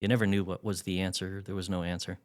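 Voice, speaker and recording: A man's voice: deep voice, flat delivery, quick pace. A middle-aged man, a guest on a podcast, telling candid stories about parenting with wry self-deprecating humor. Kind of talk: candid storytelling in an interview.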